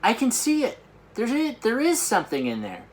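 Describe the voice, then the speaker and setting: A man voicing a curious, brave little girl who asks high, eager questions. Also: sing-song, normal speed.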